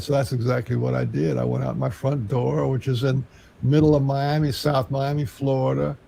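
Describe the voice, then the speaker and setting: A man's voice: mid-range voice, little pitch movement, normal speed, creaky, mellow, rough recording. A man from Texas, a guest in an interview, telling a long, meandering story in an earnest way.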